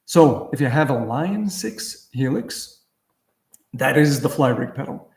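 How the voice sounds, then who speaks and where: A man's voice: mid-range voice, animated, measured pace, vocal fry, darkish tone, echoey room. A middle-aged man hosting a guitar livestream, telling loose, profane anecdotes with chuckles in a casual chatting style. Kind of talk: casual livestream chat and storytelling.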